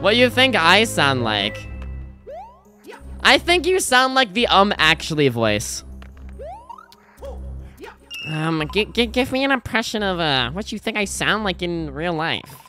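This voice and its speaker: Young woman gaming streamer; bright tone, casual rambling chat, light music behind. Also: fairly low pitch, sing-song, a little slow, long pauses. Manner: rambling, self-interrupting, chatty. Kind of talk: casual gameplay commentary.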